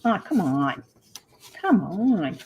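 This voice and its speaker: A woman's voice: fairly low pitch, big pitch swings, takes it slowly, a little mellow, a little hiss or hum, rough recording. An older woman hosting a crafting livestream, chatting casually and muttering to herself as she works. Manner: talks to herself while working, muttering asides.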